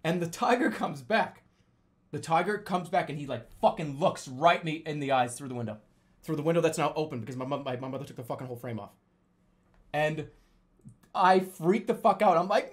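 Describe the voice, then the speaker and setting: A young man casually telling a story, swearing freely and loudly acting out the lines he quotes. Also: on the high side, a little fast. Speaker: storyteller recounting a dream.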